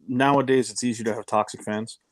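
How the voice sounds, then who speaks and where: A man in his thirties tells stories on a podcast, with jokes and quick put-on voices for the people in them. His voice sits at a middle pitch. The sound is dry and close to the mic. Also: no echo. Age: 30s. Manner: joking, animated, acts out voices in anecdotes. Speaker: podcast co-host. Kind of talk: casual storytelling chat.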